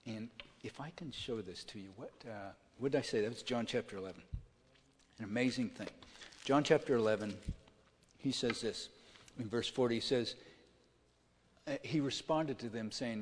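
A man's voice: medium pitch, normal speed, pauses often, slightly rough. Man preaching in a reverberant hall. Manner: checks in with listeners, plain-spoken retelling. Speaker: pastor. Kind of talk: conversational sermon. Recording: long reverb of a large hall.

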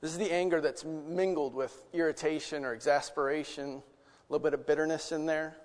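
A man delivers a sermon in a slightly high voice, earnest and conversational. He asks rhetorical questions and swings between loud emphasis and hushed asides. His voice carries a long echo, as in a large church hall. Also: steady tone, a little fast. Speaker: preacher.

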